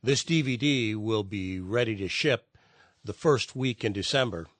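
A man with a low voice reads a scripted promotional voice-over at a measured pace. The recording is dry and close, with no room sound. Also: dry recording. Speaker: voice-over promoting a training video.

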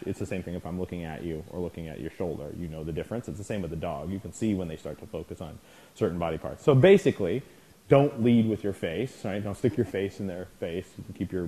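A man with a deep, warm voice talks fast while teaching a clinic for dog trainers. His informal lecture is conversational, and he frequently checks in with the class and acts out scenes.

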